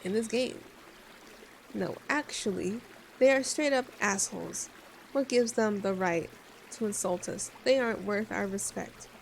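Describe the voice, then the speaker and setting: Lady reading as a sneery mystic, blunt, mid pitch. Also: unhurried, gravelly, a little hiss or hum. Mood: scornful.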